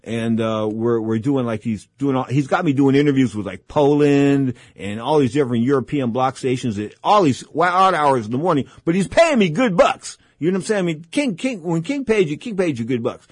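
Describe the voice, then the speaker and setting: A man's voice: medium pitch, animated, a little fast, hardly any pauses, dry recording. A middle-aged man hosting a boxing radio talk show, telling rambling stories in an emphatic, chatty, slangy way into a studio microphone.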